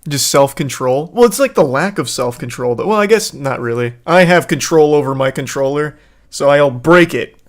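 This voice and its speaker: A man's voice: fairly high pitch, animated, moderate pace. A man streamer giving rambling, casual commentary on a clip, swearing freely and laughing at himself. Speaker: streamer reacting to a video.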